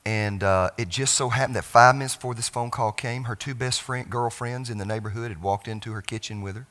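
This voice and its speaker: A middle-aged man, a pastor telling a personal family story in a sermon, with halting restarts and phrases that trail off softly. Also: medium pitch, steady tone. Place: church sanctuary.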